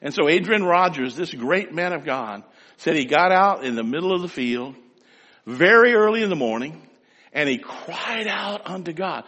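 A man preaches with a bright, husky voice whose pitch rises and falls freely. His talk rings with the long reverb of a large hall, and he speaks straight to the people in front of him. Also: moderate pace. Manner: animated storytelling, acts out loud pleading prayers; speaks directly to the congregation. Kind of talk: sermon.

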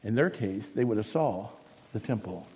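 Husky pastor preaching in a reverberant church. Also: male voice, animated, lo-fi sound. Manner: dramatic swings from booming to hushed, drawn-out emphasis. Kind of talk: sermon. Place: church sanctuary. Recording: long hall reverb.

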